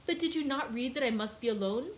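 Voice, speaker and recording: A woman's voice: a little high, animated, fast, a little hiss or hum, lightly acted. A woman voicing a timid, innocent young girl in a read-aloud novel, speaking hesitantly. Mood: uncertain.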